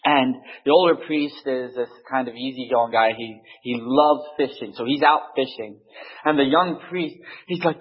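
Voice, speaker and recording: A man telling a story casually to a group, halting and restarting often, on a dull lo-fi recording. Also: medium pitch, fairly even intonation, husky. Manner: halting, many restarts and fillers. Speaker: speaker in a group discussion.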